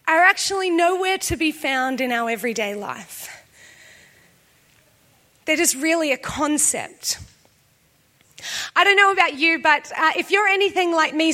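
High-voiced woman preaching a sermon. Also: fairly bright tone. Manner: conversational and humorous, with slow emphatic pauses. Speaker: pastor.

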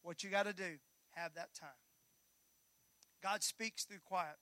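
A high-voiced man preaches a sermon, bright and forceful in tone. He swings from loud rallying calls down to hushed, near-whispered lines, dropping folksy jokes to his congregation. The sound is close and dry. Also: steady tone, measured pace, dry recording. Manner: folksy, joking asides to the congregation. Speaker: pastor.

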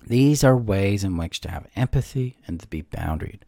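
Soft-spoken man with a gravelly voice. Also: lowish voice, lively intonation, moderate pace, no room sound, studio quality. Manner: soft-spoken, gentle and reassuring, with frequent ums and likes. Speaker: codependency coach and course teacher. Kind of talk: calm instructional talk to camera.

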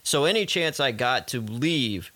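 A man's voice: mid-range voice, lively intonation, a little slow, pushed and bright, no room sound. A man who works as a radio DJ, hosting a casual interview, asking questions and laughing along. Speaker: radio DJ host.

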